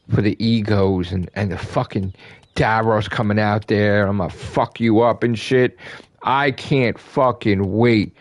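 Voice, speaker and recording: Man, fairly low voice, excited fan rant, lots of swearing, repeats himself, dry close sound. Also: dry recording. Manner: emphatic, profane, repeats himself. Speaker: gaming channel host.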